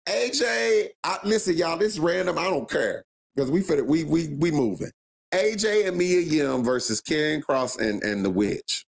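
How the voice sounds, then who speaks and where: Animated gravelly man chatting. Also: a little high, normal speed. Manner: animated storyteller, slangy, laughs often. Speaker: podcast co-host. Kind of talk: casual wrestling chat.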